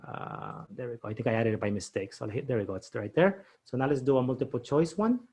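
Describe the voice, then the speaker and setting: Chatty man demonstrating quiz software. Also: mid-range voice, sing-song, quick pace, gravelly. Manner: chatty, frequent "okay?" and "right?" check-ins, thinks aloud. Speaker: teacher trainer. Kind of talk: screen-share training demo.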